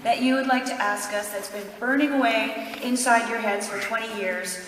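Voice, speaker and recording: A woman's voice: fairly high pitch, steady tone, normal speed, fairly bright tone, slight background noise. Chatty woman panelist in a hall. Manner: chatty, thinks aloud. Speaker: convention panelist. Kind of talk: panel Q&A answers. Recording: echoey hall from far off.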